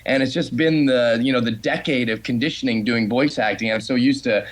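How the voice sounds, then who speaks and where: A man's voice: mid-range voice, brisk. A man from Canada, a voice actor, chatting easily as a guest on a podcast. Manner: chatty, easygoing, laughs along. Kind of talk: casual podcast interview.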